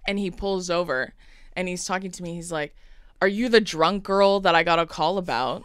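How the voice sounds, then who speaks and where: Podcast lady telling a story, lowish smooth voice, dry close sound. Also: normal speed, dry recording. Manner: animated storyteller, acts out quotes. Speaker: podcast co-host. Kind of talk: casual storytelling chat.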